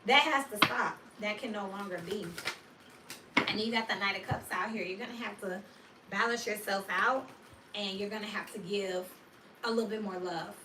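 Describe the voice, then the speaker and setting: A woman's voice: medium pitch, moderate pace, heavy background noise. A woman giving a casual tarot reading in a blunt, slangy way, cursing freely and telling stories with a lot of animation. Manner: animated storyteller. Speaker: tarot reader. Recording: roomy echo, distant mic.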